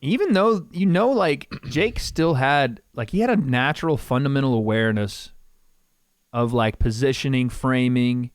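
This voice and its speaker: A man's voice: medium pitch, moderate pace, dry recording, studio quality. A man co-hosting a podcast, casually breaking down old fight footage and calling out punches with little sound effects.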